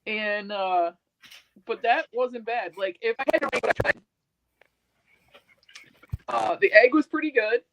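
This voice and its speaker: Bright, gravelly woman rambling on a call. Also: a little high, slight background noise, poor audio. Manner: rambling, halting, restarts and fillers. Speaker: guest on a video call. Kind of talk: casual livestream chat. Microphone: video call.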